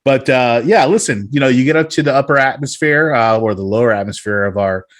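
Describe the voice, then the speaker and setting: A man's voice: medium pitch, brisk. A man hosting a casual podcast chat, rambling with many fillers and restarts, laughing often. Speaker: podcast host.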